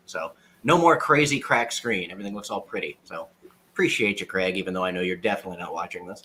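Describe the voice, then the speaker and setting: A man co-hosting a casual live stream, chatting and telling a quick story in an animated way. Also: deep voice, slightly rough. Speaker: co-host.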